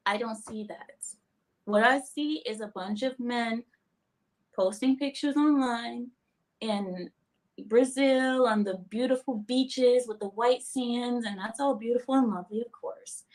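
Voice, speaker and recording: Woman, online commentator, high-pitched, emphatic, dismissive. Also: unhurried. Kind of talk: opinion commentary clip.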